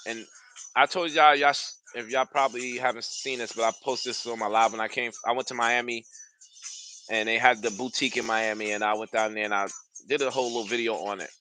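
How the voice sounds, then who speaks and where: Bright-voiced man chatting about fragrances. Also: medium pitch, fairly even intonation, a little fast, soft background music. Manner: loose, slangy and enthusiastic, talks straight to viewers. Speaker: fragrance reviewer streaming live. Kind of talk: casual live-stream chat.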